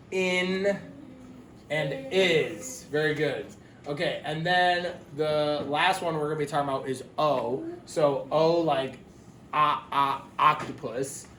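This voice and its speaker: A male teacher giving a phonics lesson to young children, sounding out letters slowly and clearly and offering encouragement. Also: fairly high pitch, fairly bright tone, reverberant, a little hiss or hum. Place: classroom.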